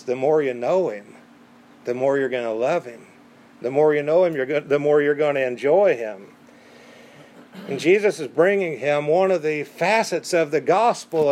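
A man's voice: fairly high pitch, a little mellow. A man preaching a sermon in an emphatic, conversational way, repeating words for stress.

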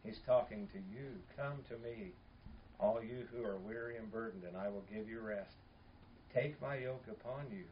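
A man's voice: fairly low pitch, highs cut off, slight background noise. A man preaching a sermon in an earnest, emphatic way, repeating key phrases.

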